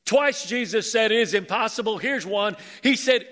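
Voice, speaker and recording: This is a sermon from a male pastor whose high, bright voice moves at a slow pace. He's playful and animated, pulling the congregation along, while a spacious church hall lets a long reverb linger after each line.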